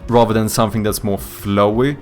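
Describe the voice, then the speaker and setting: A young man from Sweden, who streams and develops indie games, speaks briskly in a fairly low voice with fairly even intonation as faint music plays. His English has a light Swedish accent, his native tongue being Swedish, and his casual live chat rambles, with word searches and occasional swearing.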